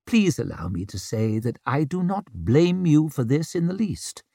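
A man's voice: on the high side, very animated, a little slow, vocal fry, warm tone, breathy edge, dry recording, studio quality, voice pushed up, exaggerated voice. A man voicing a wry, formally polite young prince with an ironic edge.

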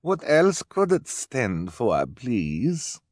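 A scheming male villain hides behind a put-on foreign accent, as a male narrator voices him, speaking in broken, overly polite phrases ending in please. The voice sits well above the reader's own and comes across clear and dry, with no room sound. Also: mid-range voice, wildly swooping pitch, extremely slow, no echo, pitched above the performer's own voice, full character voice. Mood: oily.

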